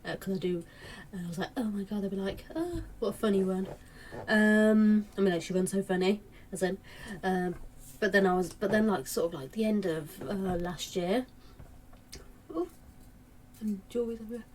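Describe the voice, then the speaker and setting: A woman's voice: medium pitch, normal speed, pauses often, slight background noise. A woman in her late twenties chatting casually to camera, rambling with lots of fillers and restarts. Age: late 20s. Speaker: vlogger.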